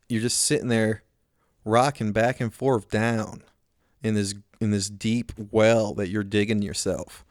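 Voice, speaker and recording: A man's voice: medium pitch, no echo, studio quality. A man hosting a podcast, rambling through a profane, self-mocking solo comedy monologue.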